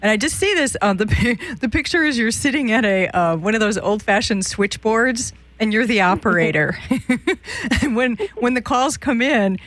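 A woman's voice: fairly high pitch, lively intonation, moderate pace, few pauses, a bit bright, no room sound. A woman hosting a live call-in radio show, giving psychic readings in a chatty, meandering way with many restarts.

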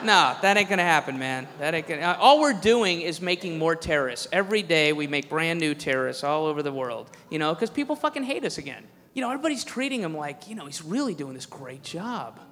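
A high-voiced, bright male comedian rants on stage, profane and sarcastic. The sound carries a long hall echo, with a faint crowd underneath. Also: sing-song, quick pace, hardly any pauses, a little hiss or hum. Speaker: stand-up comedian. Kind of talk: stand-up set.

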